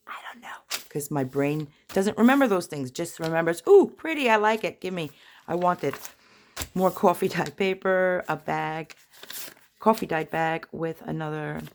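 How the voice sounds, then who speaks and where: A woman with a low, gravelly voice talks casually as she pages through a handmade journal. She rambles and pokes fun at herself, and paper crinkles under faint noise. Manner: chatty, rambling, self-deprecating asides. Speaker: junk journal crafter. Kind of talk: casual flip-through narration. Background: paper rustling and crinkling.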